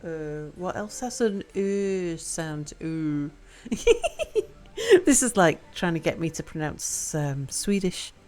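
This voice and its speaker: A woman with a low-pitched, darkish voice takes it slowly with few pauses as she chats through a live game stream. Reading chat aloud and being playful with pronunciation, she talks over faint music.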